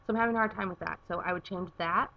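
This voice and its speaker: Gravelly-voiced young woman vlogging casually. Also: fairly low pitch, very fast, lo-fi sound. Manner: rambling, chatty, with filler words. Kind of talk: casual vlog chat. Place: home garage.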